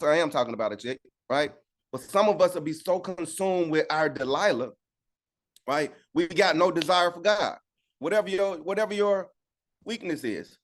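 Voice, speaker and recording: A man teaching an informal Bible study on a video call, talking conversationally and asking "right?" again and again. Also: on the high side. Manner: conversational, repeats "right?" for agreement.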